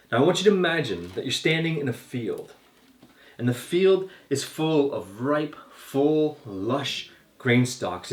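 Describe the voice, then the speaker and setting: A man's voice: mid-range voice, echoey room. A male pastor telling a sermon story in vivid, scene-painting detail, recorded in his home studio.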